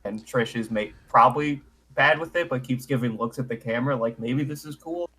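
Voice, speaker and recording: A man in a relaxed podcast chat, walking through an old broadcast beat by beat. His voice sits at a middle pitch, and he delivers the recap with a dry, sarcastic edge. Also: fairly quick, breathy edge. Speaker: podcast co-host.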